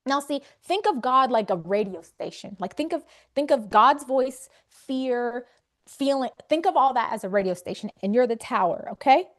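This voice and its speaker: Brief: high-pitched woman host, chatty and emphatic, coaching a live faith group. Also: animated, moderate pace. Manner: conversational, emphatic, addresses the audience directly.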